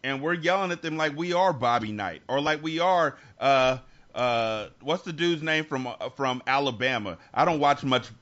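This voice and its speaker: A man's voice: medium pitch, lively intonation, moderate pace, fairly bright tone. Earnest man on a lo-fi podcast. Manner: earnest, reflective, with many restarts. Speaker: podcast co-host. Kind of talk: candid conversational talk.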